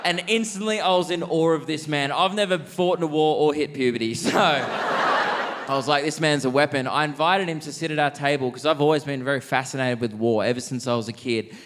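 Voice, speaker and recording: An Australian man telling a story on stage as a stand-up comedian, in a quick, animated style. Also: mid-range voice, long reverb tail. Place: theatre stage.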